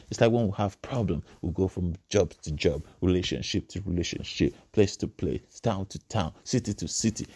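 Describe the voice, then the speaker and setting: A man's voice: fairly low pitch, warm tone, husky. A man giving a preachy motivational speech, repeating phrases and building to emphatic bursts. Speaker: motivational speaker.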